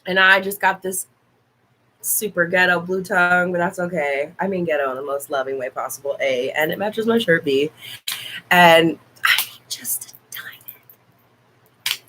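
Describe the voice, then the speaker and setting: A hoarse young woman hosting a casual livestream, chatting warmly and fondly with her viewers. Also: on the low side, normal speed, slight background noise, rough recording. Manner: chatty, affectionate toward viewers. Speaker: livestream host.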